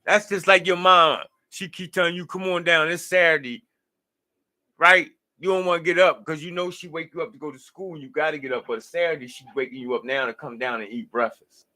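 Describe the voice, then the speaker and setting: A man's voice: fairly high pitch, steady tone, quick pace, few pauses, sharp tone. A tired man hosting a late-night livestream, rambling loosely in slang and preaching about life. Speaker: livestream host.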